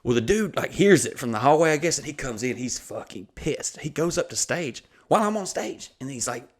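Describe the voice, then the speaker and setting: A man's voice: on the high side, fairly quick. A man, a comedian hosting a podcast, telling a rambling, profane story in casual chat. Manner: rambling, profane, animated retelling.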